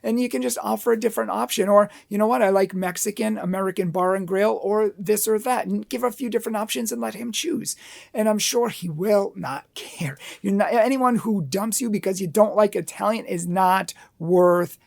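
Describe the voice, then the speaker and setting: A man's voice: sits high, normal speed, vocal fry. A man giving an earnest teaching talk on Catholic dating, acting out bits of dialogue as he goes. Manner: earnest, acts out dialogue in asides.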